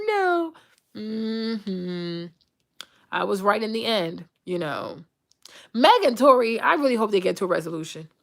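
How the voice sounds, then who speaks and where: A young adult woman hosting her own show, ranting to viewers in a blunt, profane, animated way. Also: on the high side. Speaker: host. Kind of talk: uncensored casual rant to viewers.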